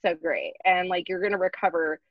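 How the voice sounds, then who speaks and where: A woman's voice: on the low side, steady tone, brisk, dry recording, lightly acted. A woman voicing a bubbly, overexcited young female surgical intern with gushing, valley-girl chatter. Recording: dull lo-fi sound.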